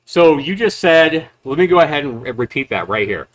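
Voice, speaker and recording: A man's voice: on the high side, very animated, a little fast. A man who reviews and makes games, talking back at a rival's clips in a sarcastic, mocking way. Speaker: YouTube game reviewer and developer. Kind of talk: reaction commentary.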